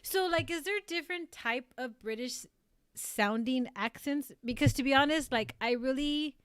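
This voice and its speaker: Woman, casual livestream chat, rambling with fillers, smooth clear voice, dry close sound. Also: sits high, normal speed, a bit bright, dry recording. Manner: rambling, with many fillers and self-corrections; reads viewer comments aloud. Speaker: streamer and voice actress.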